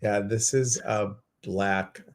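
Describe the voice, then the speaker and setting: A man with a Chicago accent hosting a relaxed, chatty conversation with a guest. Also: lowish voice, takes it slowly. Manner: relaxed, chatty, reads out viewer comments. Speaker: host. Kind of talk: casual live-stream chat.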